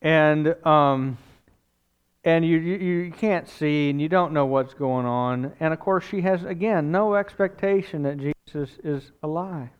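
A man's voice: a little high, unhurried, clean tone. Man, pastor, sermon, conversational storytelling, resonant voice, slightly muffled recording. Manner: conversational, animated storytelling with asides.

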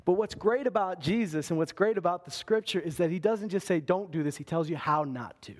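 A man preaching a sermon, talking straight to his listeners and jumping into panicked voices when he acts out a scene. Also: fairly quick. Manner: animated, acts out panicked voices with big pitch swings. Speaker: pastor.

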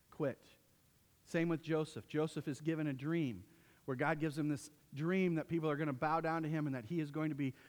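Man, pastor, sermon, emphatic storytelling, higher voice, long hall reverb.

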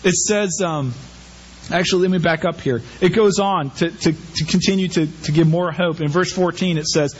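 A pastor preaching a sermon, animated and conversational, asking the listeners rhetorical questions. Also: male voice, high voice, normal speed, slightly rough, lo-fi sound.

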